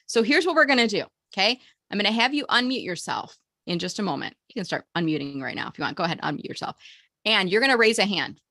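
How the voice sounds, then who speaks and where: A woman's voice: mid-range voice, bright, forceful tone, no room sound, clean studio sound. A woman hosting a job seeker video meeting, encouraging and upbeat, leading a call-and-response mantra and giving motivational coaching.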